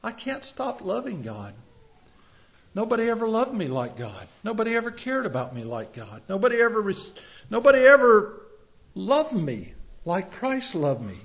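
A middle-aged male preacher giving a sermon, swinging from loud emphatic cries to soft, quiet words. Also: high-pitched, huge pitch swings, normal speed, vocal fry. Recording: dull lo-fi sermon recording.

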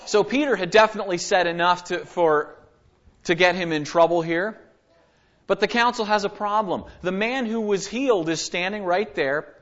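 A man's voice: on the high side, fairly bright tone, dull audio. A man giving an earnest, conversational Bible study sermon, reading verses aloud and explaining them. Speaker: Bible teacher.

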